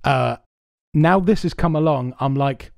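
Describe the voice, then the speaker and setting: A man's voice: mid-range voice, unhurried, gravelly, no echo, studio quality. A man co-hosting a podcast in casual chat, telling rambling stories with lots of laughs and swearing, from a soundproofed home setup. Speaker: podcast co-host. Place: home recording space with soundproofing.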